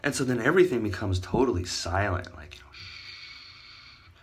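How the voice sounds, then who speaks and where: A man with a very low voice rambles through a sarcastic, profane rant for his viewers. His pitch swings widely as he talks, climbing high on indignant asides before dropping back down. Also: sing-song, fast, slightly rough. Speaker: vlogger. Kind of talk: casual vlog rant.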